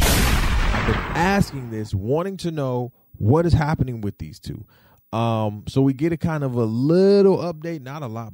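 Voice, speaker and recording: A man hosting a podcast, giving casual, slangy commentary that swings into animated rants. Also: mid-range voice, dry recording, clean studio sound. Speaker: podcast host.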